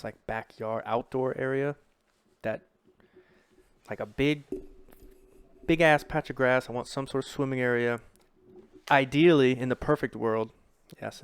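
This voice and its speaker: A man's voice: medium pitch, steady tone, moderate pace, pauses often, clear, resonant tone, dry recording. A young man chatting casually on a podcast, rambling and swearing, poking fun at himself. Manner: rambling, profane, self-deprecating. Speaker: podcast host. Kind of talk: casual chat.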